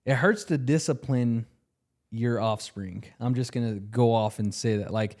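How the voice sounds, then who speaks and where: A man's voice: mid-range voice, unhurried, darkish tone. A young man co-hosting a podcast, telling a personal story in casual chat, earnest and full of fillers. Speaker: podcast co-host.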